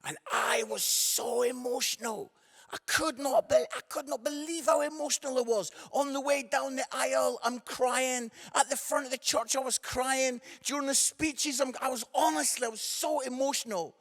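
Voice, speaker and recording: A man in his fifties doing stand-up storytelling on stage, animated, with quick "yeah?" asides to the crowd. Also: extremely high pitch, in a large hall. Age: 50s. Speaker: comedian and evangelist. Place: live venue before an audience.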